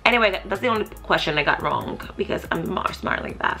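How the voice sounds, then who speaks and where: A young woman talking casually in a vlog, chatty and profane, thinking out loud. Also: fairly low pitch, animated, brisk, creaky, hardly any pauses, loud music behind the voice. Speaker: vlogger.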